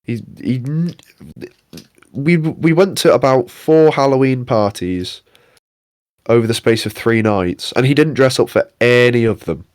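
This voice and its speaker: In a casual podcast chat, a young adult male co-host vents with plenty of swearing, exasperation and mocking impressions. He has a medium-pitched voice and keeps a measured pace. The recording is dry and studio quality.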